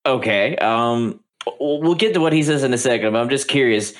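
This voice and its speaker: A man narrating a tabletop game as game master, halting often with fillers and restarts over a voice call. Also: medium pitch.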